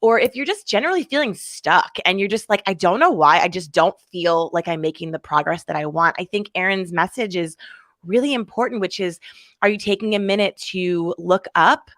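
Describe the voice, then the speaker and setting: A woman's voice: lowish voice, fairly quick, fairly bright tone, dry recording, studio quality. A woman hosting an interview, responding energetically with laughter and reflecting on the guest's story for listeners. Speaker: host. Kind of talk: conversational interview commentary.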